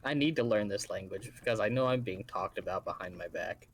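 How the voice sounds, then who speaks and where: Laid-back, low-voiced man chuckling. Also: low-quality recording. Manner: laid-back, chuckles often, halting restarts. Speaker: streamer's friend and co-player. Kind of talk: casual gaming chat.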